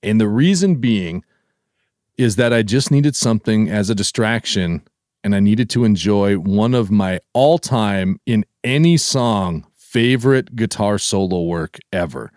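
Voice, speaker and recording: Enthusiastic man in low, dry podcast chat. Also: expressive, a little slow, darkish tone, no room sound. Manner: enthusiastic, rambling with many fillers. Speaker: podcast co-host. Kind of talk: casual chat.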